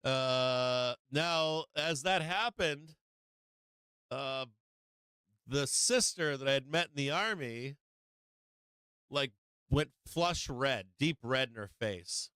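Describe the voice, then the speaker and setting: A man's voice: mid-range voice, takes it slowly, pauses often, pushed and bright, clean tone, dry recording. A man hosting a live stream, telling a casual anecdote in a rambling way, full of fillers, swearing and laughs. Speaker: host of a stock market live stream.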